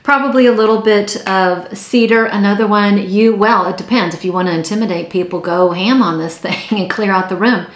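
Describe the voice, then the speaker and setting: A woman's voice: mid-range voice, brisk, hardly any pauses, reverberant. A woman chatting casually and enthusiastically as she reviews perfumes, with many fillers and repeated words.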